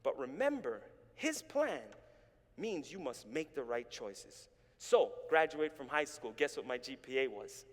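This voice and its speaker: In a church sanctuary, a man from Canada delivers a sermon in an unhurried, sing-song, mid-range voice. He animates his story and invites the congregation to answer back, all captured in a reverberant hall.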